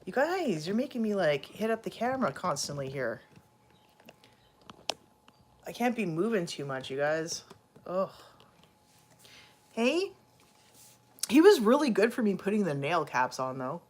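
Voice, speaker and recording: Chatty woman vlogger, lively low voice. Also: normal speed, long pauses. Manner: chatty, talks to her cats, many fillers. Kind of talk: casual chat to camera and viewers. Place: at home.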